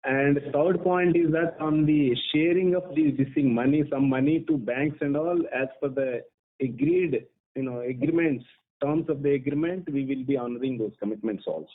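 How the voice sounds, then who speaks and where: A man's voice: medium pitch, normal speed. Male lawyer, firm and repetitive, phone-line call. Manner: firm, repetitive with tag questions. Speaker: general counsel. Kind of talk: conference call answers.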